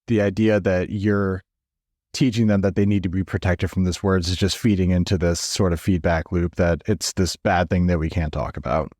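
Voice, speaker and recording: A man's voice: low-pitched, fairly even intonation, normal speed, darkish tone, no echo, clean studio sound. A young man hosting a health podcast, speaking in a thoughtful, slightly hesitant conversational way. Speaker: podcast host. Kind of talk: conversational interview.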